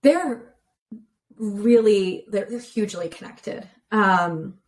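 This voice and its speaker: Speaking slowly at a middle pitch, this guest relationship therapist, a woman, lays out her thinking piece by piece over a remote call. Her manner is easygoing and clear, the kind of explanation you hear in a conversational interview, and she keeps reaching for everyday examples. The audio is rough.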